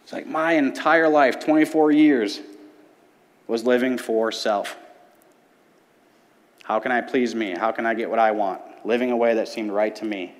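Man, 30s, earnest church testimony, storytelling, mid pitch, long hall echo. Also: normal speed, pauses often. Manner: earnest, storytelling with quoted voices. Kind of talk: personal testimony talk. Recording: hall reverb.

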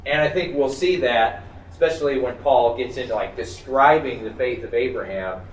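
A man's voice: mid-range voice, moderate pace. A man teaches a Bible study class in an easy, conversational way, stopping and restarting his sentences as he works through each point. He is picked up from a distance in a roomy room, and a faint background hum sits under his voice. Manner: thinks aloud with many fillers and restarts.

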